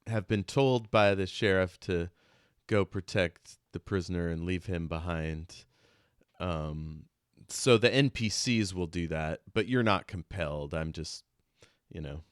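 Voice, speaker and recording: A man running a tabletop game as game master over a video call, relaxed and quick to laugh. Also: low-pitched, smooth, dry recording, clean studio sound.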